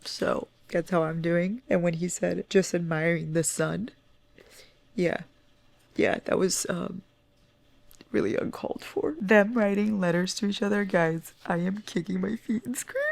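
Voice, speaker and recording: A young woman chatting casually in a book vlog, excitable and profane, gushing about what she reads. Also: lowish voice, unhurried, vocal fry, no room sound. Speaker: book vlogger. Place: at home indoors.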